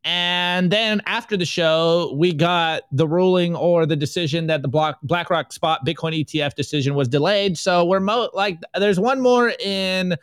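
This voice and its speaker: A man's voice: high-pitched, normal speed, hardly any pauses, clear, resonant tone, dry recording. A man co-hosting a podcast, chatting casually and jokingly as he reads memes aloud, laughing often. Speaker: podcast co-host reviewing memes. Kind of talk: casual chat.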